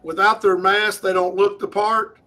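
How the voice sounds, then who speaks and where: A man's voice: sits high, flat delivery, moderate pace, bright, forceful tone. A man on a podcast panel, curious and asking questions. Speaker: podcast co-host. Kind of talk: casual podcast talk.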